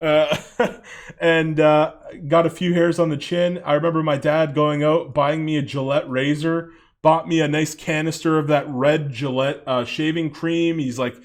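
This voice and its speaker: A man's voice: fairly high pitch, steady tone, measured pace. A man in his late twenties ranting in a reaction commentary, swearing a lot, rambling and laughing often.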